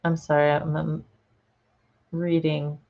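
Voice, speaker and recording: A woman with a low, unhurried voice talks casually with her viewers, relaxed and chatty and often laughing. The sound is a little dull and lo-fi, as if it came through a home computer mic. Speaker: channel host. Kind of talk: casual livestream chat reading comments.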